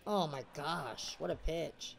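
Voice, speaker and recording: A man commentating his own baseball video game as he plays, excitable, his voice jumping to high shouts at big plays, tired after hours of play. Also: slow, creaky, music in the background. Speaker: gaming YouTuber. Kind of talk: live gameplay commentary.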